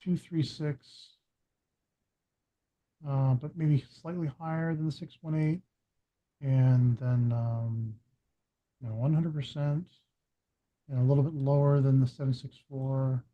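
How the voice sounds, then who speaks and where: A man's voice: mid-range voice, fairly even intonation, unhurried, pauses often, phone-quality sound. A man on a video call thinking aloud as he reads chart numbers, with many ums and uhs. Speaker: chart analyst host. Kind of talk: casual chart walkthrough.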